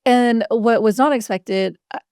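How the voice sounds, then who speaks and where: A woman in her thirties, a guest on an interview podcast, telling her stories in an easy, chatty way. Her voice sits slightly high but sounds warm and mellow. The recording is close and dry, with no room sound. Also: clean tone, no room sound. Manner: chatty, quick, lots of likes and quoted dialogue. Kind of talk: casual interview chat.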